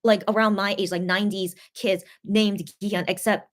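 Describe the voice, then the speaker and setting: A woman's voice: mid-range voice, flat delivery, normal speed. A woman in her thirties hosting a K-pop reaction video, explaining things to viewers in a chatty, rambling way with many restarts. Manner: explains Korean phrases to viewers. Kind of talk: casual reaction commentary.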